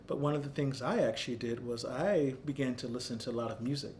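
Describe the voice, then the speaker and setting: A man in his thirties tells a personal story in an earnest, reflective way. His voice sits at a middle pitch, and he talks steadily and thoughtfully. A faint low rumble hums behind him. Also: quick pace, a little mellow. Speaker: founder of an arts center.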